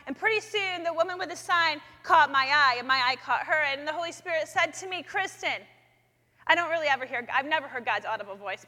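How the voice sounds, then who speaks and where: A woman speaking in a chapel, sharing a personal faith story with lively storytelling in which she acts out her own thoughts. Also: high voice. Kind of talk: personal testimony talk. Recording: long echoey hall reverb.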